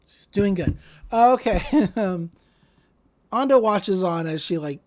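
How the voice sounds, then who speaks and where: A woman's voice: mid-range voice, animated, slow, a little mellow. A woman co-hosting a podcast, casually retelling anime scenes with lots of fillers and "she's like" quotes. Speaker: podcast co-host.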